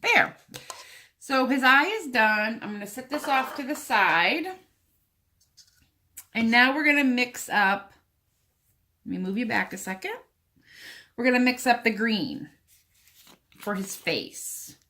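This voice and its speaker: A woman's voice: a little high, expressive, unhurried, pauses often, sharp tone. A woman talking through a sewing and painting craft tutorial in a casual, chatty way, speaking straight to the viewer as she works. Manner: chatty, talks to the viewer while working. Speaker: craft vlogger.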